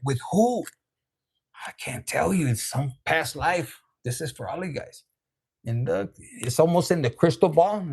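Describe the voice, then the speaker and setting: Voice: medium pitch, lively intonation, normal speed, slightly rough. A tarot reader giving a casual, profane online reading in a brash, slangy style, swearing freely.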